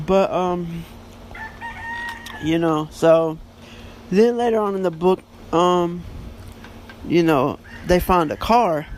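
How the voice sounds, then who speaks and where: A man with a rather high voice hosts a podcast and reviews a book in a casual, rambling way. He stumbles through fillers and corrects himself as he goes. A faint noise hums behind him. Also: slow pace, long pauses, a little mellow. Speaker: podcast host.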